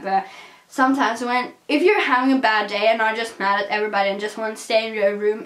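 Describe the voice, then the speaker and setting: A woman's voice: fairly high pitch, a bit bright. Hyper giggly young woman, echoey room. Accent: non-native. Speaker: vlogger. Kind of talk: casual chatty vlog.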